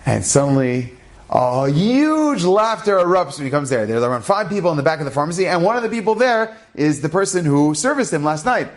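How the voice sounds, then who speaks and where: A man in the role of a rabbi tells an inspirational story with lively energy. He acts out each conversation, shifting between the people in it, and moves the tale along briskly. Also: fairly high pitch. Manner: animated, acts out dialogue.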